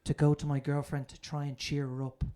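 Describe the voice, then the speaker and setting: A man's voice: a little high, level tone, fairly quick, warm tone. A man with an Irish accent performing a stand-up comedy set, telling stories in a brash, profane way. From Ireland. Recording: comedy club audience laughter.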